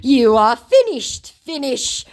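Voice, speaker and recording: A woman voicing a deluded male scammer in a slow, exaggerated, mocking way. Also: high-pitched, sing-song, voice pushed up, exaggerated voice. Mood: taunting.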